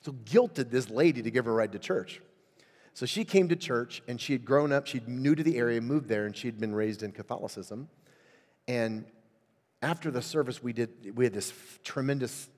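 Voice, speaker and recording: A middle-aged man preaching at a revival, telling stories and building to loud, fervent exhortation. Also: mid-range voice, fairly quick. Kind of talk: sermon. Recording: long hall reverb.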